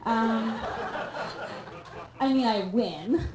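A young woman from Canada performing a stand-up comedy set on a theatre stage, deadpan and self-mocking with quick asides. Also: fairly high pitch, noisy background. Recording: echoey room, live audience.

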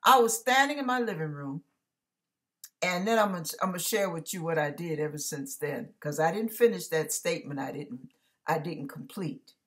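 Middle-aged woman minister, lively storytelling sermon, talks straight to her listeners. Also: fairly low pitch, normal speed. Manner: animated storytelling with asides to listeners. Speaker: online minister. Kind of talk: preaching monologue.

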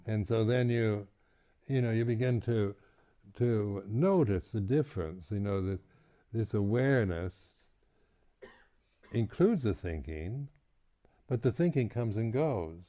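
A man with a lowish voice and lively intonation gives a reflective dharma talk as a retreat meditation teacher. He hesitates, restarts, and repeats words, chuckling softly between points. The recording sounds tinny and lo-fi, like a phone line.

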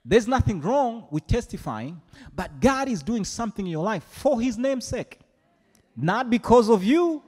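A man preaching a sermon as pastor, animated and playful, often mimicking his congregation. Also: high voice, measured pace. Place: large church hall. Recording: long hall reverb.

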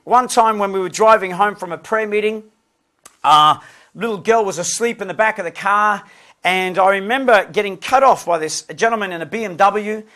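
Brief: man preacher, high pitched, anecdotal lesson delivery with humor. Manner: lively anecdotal, conversational asides. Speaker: preacher and lecturer.

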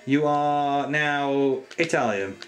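A man's voice: a little high, takes it slowly, faint music behind. A man hosting a casual video game session with friends, chatty and jokey, often laughing. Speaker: host. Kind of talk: casual chat while playing a video game.

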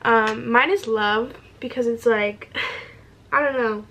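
Young woman, slightly high voice, casual candid chat at home, swears and laughs freely. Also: slow, a bit bright, slight background noise. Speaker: beauty vlogger. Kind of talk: casual chat while doing makeup.

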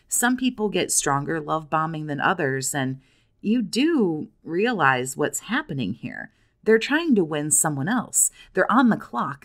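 A blunt woman with a somewhat low voice talks straight to her viewers as a survivor coach. She swears freely and keeps pressing them with pointed, challenging questions. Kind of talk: direct-to-camera monologue.

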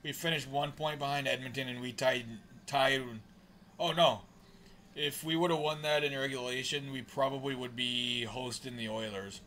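A man's voice: medium pitch, steady tone, normal speed, pushed and bright, slight background noise. A man live-streaming a hockey sim game, grumbling and swearing at it in frustration. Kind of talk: live gameplay commentary.

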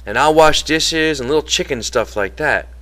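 A worried old ranch hand missing one hand pleads to be let in on the plan, voiced by a man reading an audiobook. He talks in plain, rough rural speech, eager and a little desperate, in a bright, forward tone. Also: mid-range voice, expressive, moderate pace, voice pushed up. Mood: pleading. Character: elderly one-handed male ranch hand, anxious, eager.

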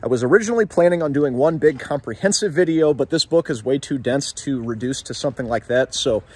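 A man's voice: medium pitch, darkish tone, slightly rough. A young man hosting a casual video about a novel, talking while walking along an outdoor street. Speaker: literature video host. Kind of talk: casual literary discussion vlog.

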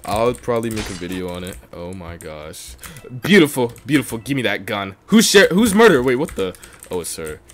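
A man streaming a video game and chatting with viewers, excitable and quick to yell, his voice a little strained from talking for so long. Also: fairly low pitch, slight background noise. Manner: excitable, breaks into yelling and laughing bursts. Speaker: streamer host. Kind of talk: casual gaming livestream commentary.

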